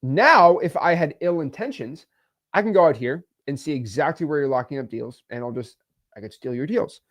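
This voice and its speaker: A man hosting a blunt, animated coaching monologue, often tagging his points with "right?". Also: fairly high pitch, moderate pace. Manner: blunt, animated, talks to the viewer, frequent "right?" tags. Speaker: host.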